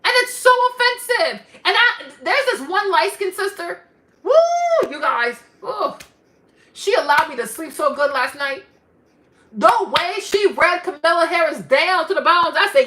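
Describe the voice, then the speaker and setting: High, bright-voiced woman ranting. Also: measured pace. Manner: animated, emphatic, repeats herself for effect. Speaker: vlogger. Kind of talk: ranting commentary.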